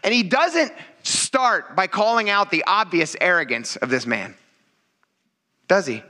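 Animated casual man preaching a sermon. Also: sits high, measured pace. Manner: animated, acts out voices in quoted dialogue; casual, addresses congregation as "you guys". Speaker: pastor.

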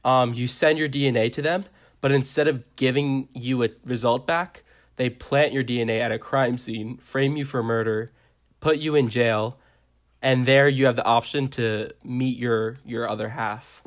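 A young man co-hosting a podcast, chatting casually and rambling through deadpan absurd jokes. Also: medium pitch, normal speed. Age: young adult. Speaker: podcast co-host. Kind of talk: casual comedic chat.

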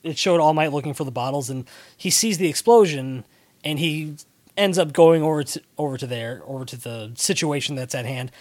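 A young adult man co-hosting a casual chat, recapping scenes quickly with playful jokes. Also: fairly high pitch, darkish tone, no echo. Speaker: podcast co-host.

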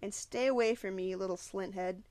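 A woman voicing a sneering teenage boy bully, loud and taunting, in a storybook reading. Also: medium pitch, fairly even intonation, fairly quick, lightly acted.

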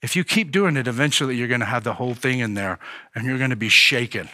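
A man's voice: medium pitch, bright, forceful tone. A man preaching a sermon as a pastor, telling his own story with many restarts and acting out dialogue with God. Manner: earnest, halting storytelling with many restarts and fillers; voices God and himself in quoted dialogue.

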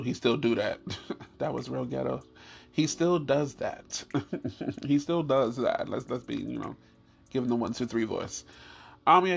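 Gravelly man telling stories with laughs. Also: mid-range voice. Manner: animated, laughing, swears freely, repeats phrases. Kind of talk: casual comedic storytelling.

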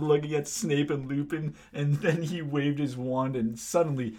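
A man's voice: on the high side, steady tone, a little mellow. Young man reading fan fiction, laughing. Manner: reads aloud, quick to laugh and interrupt. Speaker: podcast co-host.

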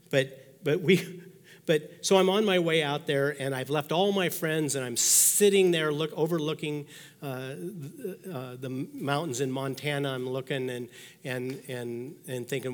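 A man in his sixties preaches a sermon as a pastor, spinning personal stories in a folksy way and voicing the thoughts he quotes. His mid-pitched voice rings out with a long reverb from a large hall.

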